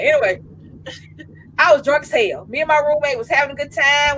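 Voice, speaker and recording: A woman in her fifties, co-hosting a casual chat and telling an animated comic story in slangy, laughing talk. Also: sits high, slight background noise, poor audio. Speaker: co-host.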